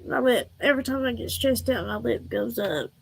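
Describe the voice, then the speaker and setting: A woman's voice: a little high, moderate pace, gravelly, slight background noise. A woman chatting casually on a live stream, rambling and answering her viewers' comments.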